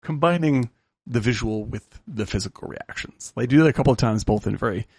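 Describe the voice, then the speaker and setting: A man co-hosting a casual film-review podcast, animated and quick to laugh, often restarting his sentences. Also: medium pitch, husky, no room sound.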